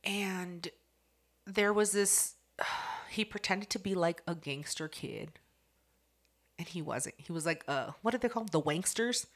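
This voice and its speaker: A young adult woman casually telling a profane, animated story and acting out the people in it. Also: on the low side, unhurried. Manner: profane, animated, acts out the voices in her story. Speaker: co-host.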